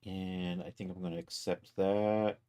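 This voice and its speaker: Brief: easygoing male streamer with a lower voice, narrating his work as he goes and bantering with viewers. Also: level tone, unhurried, clear, resonant tone. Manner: chatty, talks to viewers and to his software while working, chuckles often. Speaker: 3D artist livestreaming his work. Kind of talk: casual live-stream commentary.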